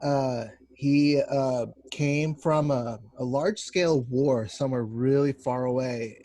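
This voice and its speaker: A man playing a tabletop game over a video call, slowly describing his character with many uhs. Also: mid-range voice, mellow, dry recording. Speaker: player.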